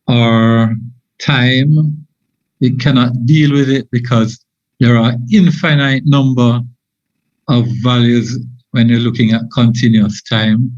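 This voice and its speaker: A man giving an informal engineering lecture, halting often with fillers and restarts. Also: mid-range voice, a little mellow, no room sound. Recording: dull lo-fi dry audio.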